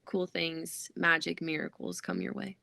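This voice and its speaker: Woman cohost, kinda low and gravelly, chill earnest vibe. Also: steady tone, a little slow, bright, forceful tone, no echo. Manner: earnest and easygoing, says "like" a lot. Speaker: podcast co-host. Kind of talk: casual podcast chat.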